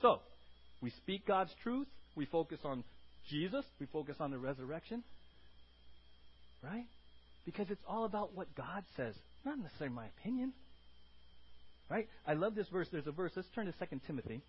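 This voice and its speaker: Male pastor, high husky voice, lively preaching to a congregation. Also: normal speed, pauses often, lo-fi sound. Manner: animated preaching, asks the congregation questions. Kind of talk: sermon. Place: church sanctuary.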